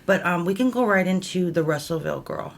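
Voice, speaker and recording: A woman, a ghost hunter guest, telling ghost stories in a lively, conversational way full of "you know". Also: lowish voice, brisk, creaky. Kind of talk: storytelling ghost tales.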